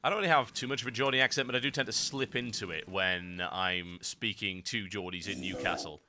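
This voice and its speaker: A man's voice: fairly low pitch, a little fast, background noise. A man giving sarcastic, ranting commentary over a video game guide, with mock-grandiose asides. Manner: theatrical mock-grandiose lines. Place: voice-over recorded over game footage.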